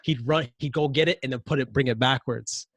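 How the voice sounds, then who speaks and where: A man, a podcast guest, telling casual anecdotes in an animated way, acting out his own raised voice. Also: mid-range voice, fairly quick, dry recording. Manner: animated, acts out yelling in anecdotes. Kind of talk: casual interview storytelling.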